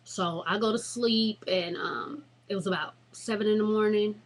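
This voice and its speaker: A young woman vlogger tells a story to her viewers in an animated, profane and dramatic way. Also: mid-range voice, moderate pace. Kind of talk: casual storytelling vlog.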